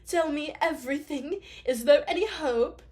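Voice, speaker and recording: A woman voicing a posh, anxious older noblewoman in an audiobook reading, pleading in a drawn-out way. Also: sits high, a little mellow, pitched above the performer's own voice, lightly acted.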